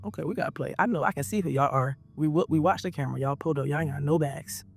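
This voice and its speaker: Fast-talking animated male vlogger. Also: a little high, creaky, soft background music. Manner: animated, acts out quotes, talks straight to viewers. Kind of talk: casual storytime.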